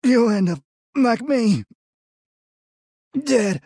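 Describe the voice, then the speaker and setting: A man's voice: extremely high pitch, expressive, drawn-out words, mellow, slightly rough, dry recording, clean studio sound, voice pushed up, exaggerated voice. A man voicing a badly beaten big deputy who is dying, pained and gasping, breaking off his words. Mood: pained, desperate.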